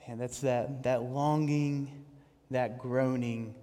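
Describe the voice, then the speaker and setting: A man preaching a sermon with passion, halting and repeating words, rising to loud cries and then dropping to hushed tones as he reads and explains scripture. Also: medium pitch, steady tone. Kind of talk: sermon on a psalm. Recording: long hall reverb.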